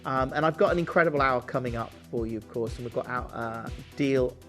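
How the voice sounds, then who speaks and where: A man's voice: medium pitch, brisk, fairly bright tone, soft background music. A man presenting jewellery on a live shopping channel, chatty and upbeat, urging viewers to buy. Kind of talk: live jewellery sales pitch. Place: television studio.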